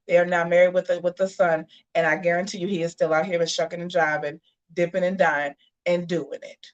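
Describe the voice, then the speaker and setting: A woman hosting a casual live show. She tells a story in a sassy, animated way and keeps calling her viewers y'all. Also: lowish voice, fairly quick, highs cut off. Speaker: host of a live gossip and commentary show.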